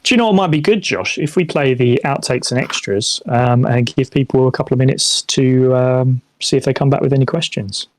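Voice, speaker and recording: A man's voice: medium pitch, brisk, few pauses, dry recording. A man, the game master, chatting casually about a tabletop game, with hesitant fillers and laughter.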